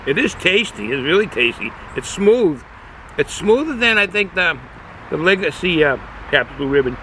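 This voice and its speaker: A man giving a casual beer review outdoors, pausing and searching for his words. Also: fairly high pitch, animated, pushed and bright, slight background noise, rough recording. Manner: halting, searching for words, fillers.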